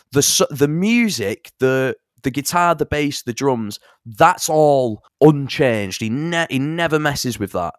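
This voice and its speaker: Young man, animated storyteller, casual swearing, dry close recording. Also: medium pitch, no echo. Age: young adult. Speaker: songwriter and musician. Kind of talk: casual interview chat.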